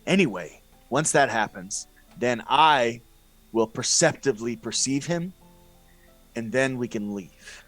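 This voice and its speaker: A man's voice: mid-range voice, animated, a little slow, fairly bright tone, soft background music. A man playing a tabletop game, goofy and scheming, who tends to repeat himself. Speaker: player. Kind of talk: tabletop role-play chat.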